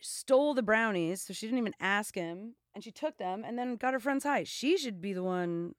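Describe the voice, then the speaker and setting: A woman's voice: mid-range voice, expressive, moderate pace, no room sound. A woman co-hosting a podcast, reading odd news stories with teasing, dry asides. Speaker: podcast co-host. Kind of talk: casual comedic banter and news reading.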